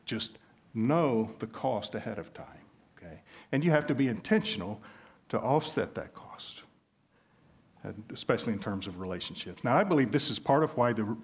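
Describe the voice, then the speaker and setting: A male preacher with a Southern US lilt delivers a sermon in a relaxed, conversational tone. His voice sits at an ordinary middle pitch. He moves easily from teaching into storytelling. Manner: conversational preaching with illustrative stories. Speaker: pastor.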